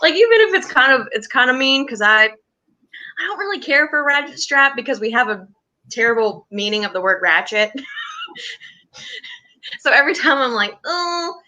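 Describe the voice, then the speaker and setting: Speaking at a normal pace in a bright, forceful, expressive voice on the high side, a young woman from West Virginia talks about her touring theater troupe in a laid-back interview. Her telling wanders and restarts frequently, with laughter between anecdotes, and the sound is lo-fi.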